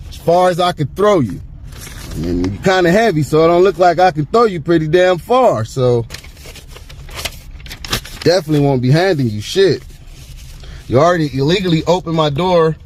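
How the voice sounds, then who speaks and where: A man's voice: a little high, darkish tone. A man argues firmly from the driver's seat of his car, cursing freely. A faint hiss of outdoor noise sits under the handheld phone recording. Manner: firm, confrontational, swears often. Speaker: driver recording a traffic stop. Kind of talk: heated roadside argument. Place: seated in his car at the roadside.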